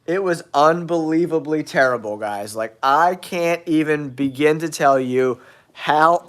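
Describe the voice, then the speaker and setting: A man's voice: on the high side, fairly bright tone. A man hosting a live sports stream with a stuffy, nasal voice from a cold, exclaiming and repeating himself. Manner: exclaiming, repetitive, addresses viewers as guys. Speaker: sports show host.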